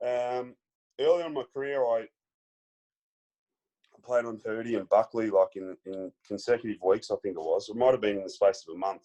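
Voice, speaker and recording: Podcast guest: relaxed Australian man, lowish voice, rambling anecdotes. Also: brisk, dull audio. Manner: laid-back storyteller, many fillers, acts out quotes. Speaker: podcast guest, former footballer. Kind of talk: casual storytelling chat.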